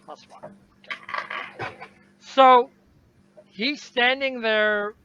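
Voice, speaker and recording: High-voiced man running a tabletop game. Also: fairly even intonation, very slow, pushed and bright, soft background music. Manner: casual, descriptive, with fillers. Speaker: game master. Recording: dull lo-fi recording, faint noise.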